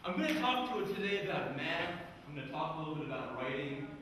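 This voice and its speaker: A man giving a lively career day speech to schoolchildren, telling a story and quizzing them. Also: on the high side, fast talker, background noise. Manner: animated storyteller, quizzing the kids. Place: school hall. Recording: echoey hall, mic far off.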